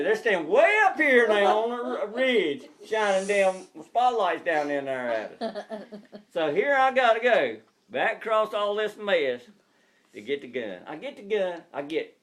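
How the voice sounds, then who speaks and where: A man's voice: sits high, normal speed. A man telling a hunting story to family, laughing as he goes. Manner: laughing, animated, colloquial storytelling.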